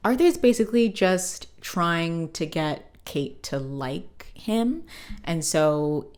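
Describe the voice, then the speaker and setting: A woman hosting a podcast, casually recapping a cartoon episode with swearing and quick character voices. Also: on the low side, animated, a little mellow. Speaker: podcast host.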